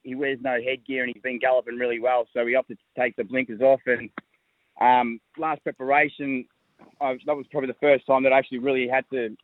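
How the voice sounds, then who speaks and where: A man's voice: medium pitch, no echo. A man with an Australian accent, a jockey from Tasmania, answering interview questions hesitantly and often repeating words. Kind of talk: phone interview. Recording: tinny dry phone line.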